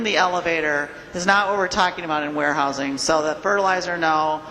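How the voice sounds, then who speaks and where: A woman's voice: fairly low pitch, brisk, hardly any pauses, bright, forceful tone. A woman chairing the tax committee gives direct, brief answers during a legislative floor debate. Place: large legislative chamber. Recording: long reverb of a large chamber, faint room noise.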